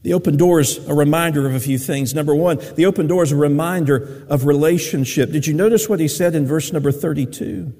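A man's voice: a little high, fast talker, hardly any pauses, warm tone, in a large hall. A man preaching a sermon, telling stories in a folksy way. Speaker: pastor.

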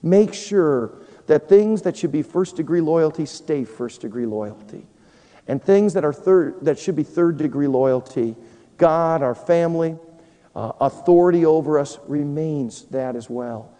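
Male preacher, dark mellow voice, earnest numbered-point sermon, echoing hall sound. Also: a little high, animated, a little slow. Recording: live chapel recording in a reverberant hall.

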